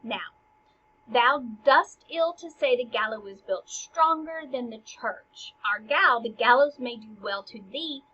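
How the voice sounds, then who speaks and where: A loud, mocking gravedigger clown, as a woman reads him aloud, booming out old verse with scorn. Her voice sits a little high and a touch husky. The sound is dull and lo-fi. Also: animated, unhurried. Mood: scornful. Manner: booming, scornful Shakespearean recitation.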